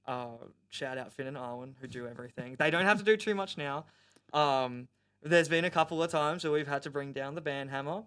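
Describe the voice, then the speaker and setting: A man with an Australian accent, a musician guest on a podcast, talking casually and laughing easily, often trailing off softly. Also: on the high side, a little fast, clean tone.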